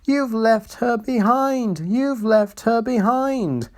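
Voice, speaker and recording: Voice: mid-range voice, lively intonation, slow, pitched above the performer's own voice. A reader voicing a group of cross, rude railway coaches who wail and whine. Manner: wailing and screaming, then meek.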